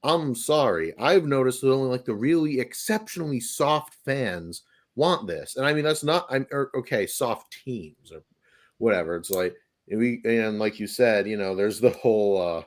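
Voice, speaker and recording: A man's voice: medium pitch, lively intonation, normal speed. A young man co-hosting a sports podcast, opinionated and sarcastic, laughing mid-sentence. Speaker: podcast co-host. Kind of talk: casual sports podcast chat.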